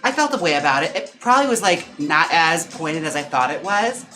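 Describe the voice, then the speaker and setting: Over soft background music, this Wisconsin man, a drag queen and wig stylist, livestreams casually from home. His high voice is very animated, fairly quick, pushed and bright, full of camp drama, abrupt gasps and sassy asides.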